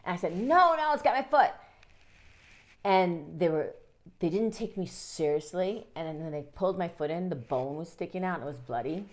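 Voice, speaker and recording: Interview guest: woman, low voice, dramatic storyteller who swings from loud outbursts to hushed tones, recorded at home. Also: a little fast. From United States, Midwest.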